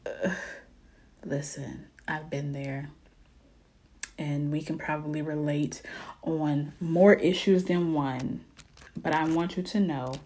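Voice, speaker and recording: A woman talking to her viewers in a casual, heartfelt chat about faith. She is earnest and sometimes drops to soft near-whispers before bursting into lively emphasis. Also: low-pitched. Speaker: vlogger sharing her faith. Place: home in Ohio.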